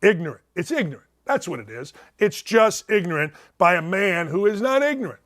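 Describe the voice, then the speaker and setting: Ranting sports talk host, man, high for a man, blunt and sarcastic. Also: sing-song, fairly quick, a bit bright. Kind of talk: opinionated talk-show monologue.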